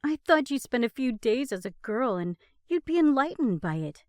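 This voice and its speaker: A woman's voice: on the high side, very animated, moderate pace, darkish tone, dry recording, studio quality, voice pushed up. A woman voicing a teasing young adult who has just transformed into a man, playful and then pleading. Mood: exasperated.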